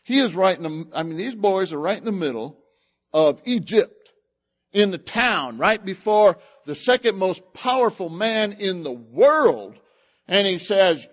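Slow, animated preaching man. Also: sits high, muffled recording. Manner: animated storytelling, acts out the characters. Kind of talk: sermon with scripture reading.

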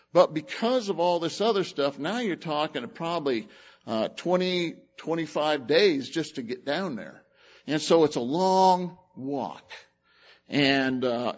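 A man preaching a sermon, retelling a scripture story with lively acted-out voices. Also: fairly high pitch, muffled recording. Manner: animated storytelling, acts out the characters.

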